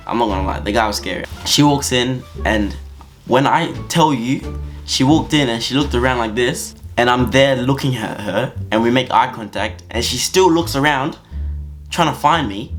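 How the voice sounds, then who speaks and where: Animated man telling a story. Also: mid-range voice. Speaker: vlogger. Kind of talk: casual story time.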